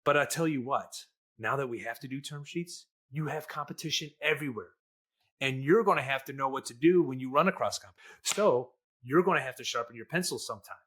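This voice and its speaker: A man's voice: medium pitch, brisk, fairly bright tone, breathy edge. A middle-aged man with a Midwestern accent, co-hosting a casual podcast chat in a jokey, folksy storytelling way. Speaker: podcast co-host, lender.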